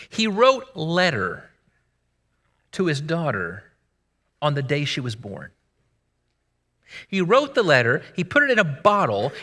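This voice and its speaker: A man preaching a sermon in a church, telling stories and swinging between loud emphasis and hushed, quiet lines. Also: fairly high pitch. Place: church sanctuary. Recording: echoey sanctuary reverb.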